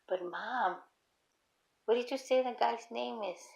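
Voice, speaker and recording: A woman voicing her alarmed grown daughter calling out to her mother, with a gravelly voice. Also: on the high side, a little slow, darkish tone, reverberant, highs cut off, pitched above the performer's own voice. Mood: urgent.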